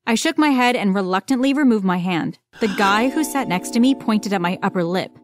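A woman reading a first-person story aloud as a storyteller, in an expressive, dramatic way. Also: medium pitch, brisk, soft background music. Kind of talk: scripted first-person narration.

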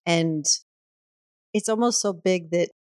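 A woman hosting a podcast interview, asking gentle, reflective questions with light laughs. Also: on the low side, takes it slowly, no room sound, studio quality. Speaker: podcast host. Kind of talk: interview conversation.

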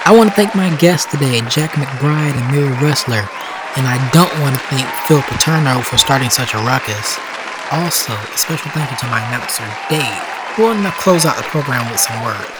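A man hosting a scripted parody talk show in a deadpan, teasing manner. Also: on the high side. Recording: music and crowd laughter behind.

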